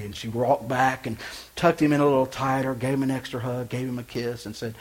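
A male pastor preaching a sermon with passion, swinging from loud emphatic lines to quiet hushed ones. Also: medium pitch, little pitch movement, brisk. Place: church.

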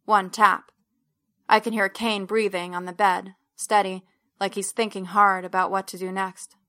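A woman reads a first-person story aloud in a measured, steady way. Her voice is bright, and her pitch stays level with little movement. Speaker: audiobook narrator. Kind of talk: first-person fiction narration.

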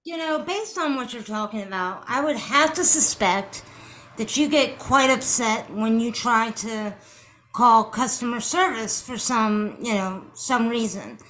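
A woman hosting a talk show, asking a caller measured, probing questions. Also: on the high side, a bit bright, slight background noise, rough recording. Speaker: host. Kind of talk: talk radio interviewing.

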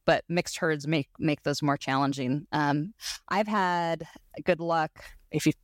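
A woman's voice: sits low, steady tone, measured pace, no room sound, studio quality. A woman co-hosting a casual podcast, talking about her own horses in a chatty way, laughing often and restarting her sentences. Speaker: podcast co-host, horse owner.

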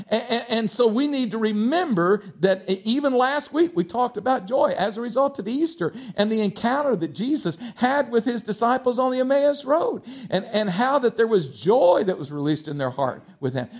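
A male pastor with a slight Texas twang preaching a sermon, swinging between loud exhortation and soft asides to the congregation. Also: high-pitched.

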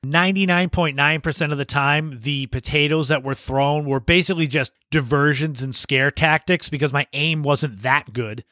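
A man's voice: fairly high pitch, moderate pace, few pauses, pushed and bright, no room sound, clean studio sound. A man hosting a podcast, telling casual anecdotes and laughing as he goes. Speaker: podcast host. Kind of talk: casual storytelling monologue.

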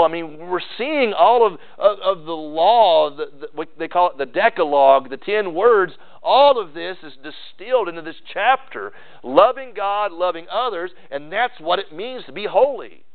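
Guy preaching a sermon, kinda high voice, tinny phone-like sound, lots of restarts. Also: expressive, moderate pace. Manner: earnest preaching with many restarts and repeated words. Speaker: pastor.

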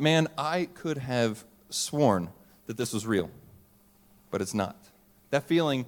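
Guy pastor, 30s, chatty sermon, cracks jokes with the crowd. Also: mid-range voice. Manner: conversational, joking with the audience. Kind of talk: casual Christmas sermon. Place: church service before a live audience.

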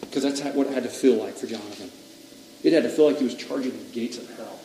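A man's voice: mid-range voice, fast, a little hiss or hum. Man preaching in an echoey hall. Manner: animated storytelling, quoting others with rising intensity. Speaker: pastor. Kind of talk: sermon. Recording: echoey hall, voice from a distance, faint ambience.

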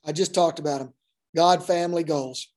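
Male basketball coach, warm mellow tone, folksy storyteller who rambles and restarts his sentences. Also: a little high, steady tone, moderate pace. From Oklahoma. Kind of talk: casual interview storytelling.

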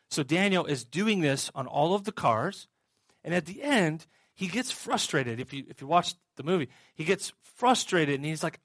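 A man's voice: on the high side, normal speed, a bit bright, no room sound. A man preaching a sermon, retelling a story in a storytelling way and putting questions to the audience. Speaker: pastor.

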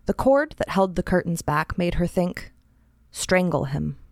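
A woman host narrating a short story in a measured, deliberate reading style. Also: on the low side, lively intonation, darkish tone, no room sound, studio quality.

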